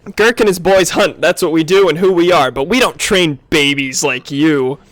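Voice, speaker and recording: A man voicing gruff, boorish male alien hunters who talk in broken grammar and hurl childish insults. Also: a little high, moderate pace, fairly bright tone, no room sound, natural voice. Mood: taunting.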